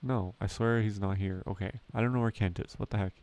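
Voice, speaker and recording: Low-voiced man thinking aloud over gameplay. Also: fairly even intonation, fairly quick, a little mellow. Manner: thinks aloud, self-correcting. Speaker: let's play host. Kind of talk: relaxed gameplay commentary. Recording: faint game music behind.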